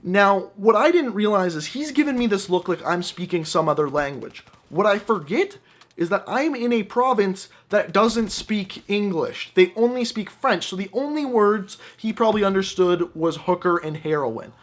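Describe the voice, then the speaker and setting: A young man hosting a gaming channel, telling an animated, jokey personal story over gameplay commentary. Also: high voice, normal speed.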